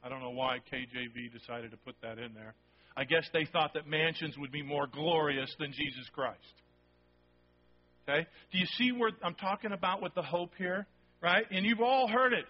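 This pastor's voice is fairly high and his pace normal. Preaching a sermon, he's emphatic yet conversational, frequently checking in with "okay?", and the recording has a dull lo-fi quality.

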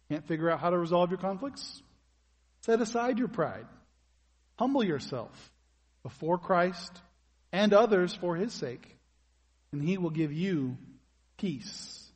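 Male pastor, somewhat high husky voice, chatty sermon with questions to the room, long hall reverb. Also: animated, a little slow, pauses often, darkish tone. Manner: conversational preaching, asks the congregation questions.

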